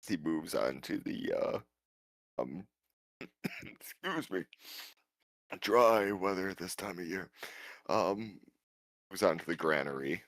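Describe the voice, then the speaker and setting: A man's voice: sits low, a little slow, long pauses, fairly bright tone. A man narrating a tabletop game as game master, rambling with many fillers.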